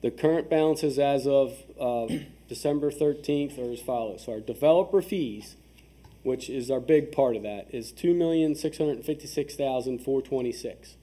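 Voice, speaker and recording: At a public work session, a town official with a very dark, mellow voice of average pitch explains the budget at a normal speed. He goes through the figures methodically, often pausing to ask "okay?" As he reads the numbers he uses fillers and sometimes starts a phrase over.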